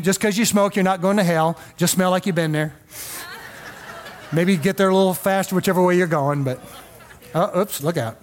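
A male pastor preaching a sermon in a folksy, emphatic way with joking asides. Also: sits high.

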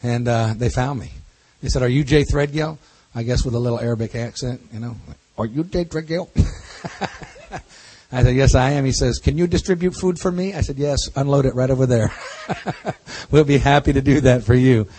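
Addressing a church congregation, this pastor spins folksy, humorous stories punctuated by laughs. He talks briskly in a mid-range voice that is dark and a little rough.

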